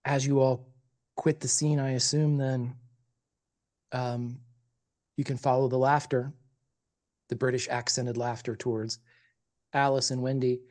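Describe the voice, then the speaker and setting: This is a man running a tabletop game as its game master, narrating scenes in a loose, halting way and often restarting his sentences. His voice is dark and mellow, sitting at a mid pitch. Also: level tone.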